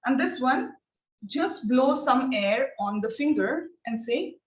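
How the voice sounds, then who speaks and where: Slow, encouraging woman teacher trainer in an echoey room. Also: sits high, expressive. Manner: encouraging, drills sounds slowly and repeatedly. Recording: echoey room, distant mic.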